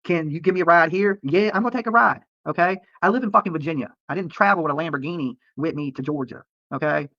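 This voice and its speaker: Speaking fast with barely a pause, this fairly high-pitched man is streaming live beside a road near a protest. He rambles at his viewers, swearing and defending himself, repeatedly adding "okay?". The audio is dry and muffled.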